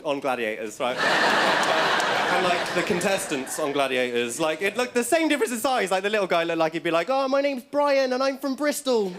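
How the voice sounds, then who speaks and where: A young man with a high voice does stand-up in a comedy club, rambling excitably through stories and tacking "right?" onto his lines, over loud crowd and club noise.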